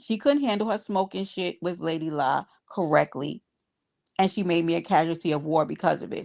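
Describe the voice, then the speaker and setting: Reading chat on a laid-back livestream, this woman talks to her audience with blunt exasperation and plenty of swearing. Her voice sits on the low side, with a darkish tone and a moderate pace.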